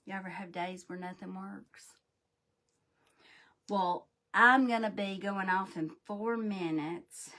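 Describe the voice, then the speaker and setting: Lady crafter going live, folksy and scattered, kinda sharp bright tone. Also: medium pitch, slow. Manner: folksy, scatterbrained, talks straight to viewers. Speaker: crafting livestream host. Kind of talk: chatty live craft demo.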